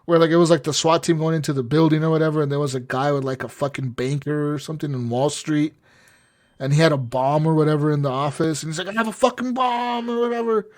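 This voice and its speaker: A young man co-hosting a casual gaming podcast, telling stories in an animated, profane way. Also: a little high, fast. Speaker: podcast co-host.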